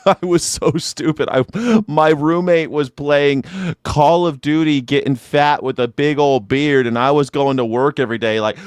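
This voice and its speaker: A man's voice: a little high, steady tone, a little slow, smooth, no room sound, studio quality. Sarcastic, joking young man. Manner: sarcastic, joking, swears freely. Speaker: news reaction show host. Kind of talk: comedic news reaction commentary.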